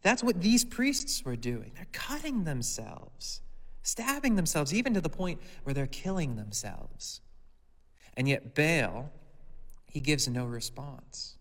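A man's voice: fairly high pitch, very animated, slow, fairly bright tone, in a large hall. A man preaching a sermon, reading a scripture passage and then asking his listeners pointed rhetorical questions.

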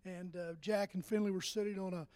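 A man's voice: sits high, level tone, brisk, darkish tone, in a large hall. An older man preaching a conversational sermon as pastor, restarting phrases and rising into emphatic bursts.

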